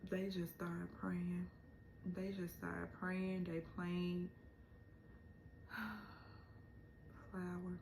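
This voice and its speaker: Slow-talking emotional woman recapping a show. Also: fairly low pitch, completely flat delivery, gravelly, reverberant, noisy background. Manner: emotional, retelling scenes with rising exclamations. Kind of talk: casual episode recap.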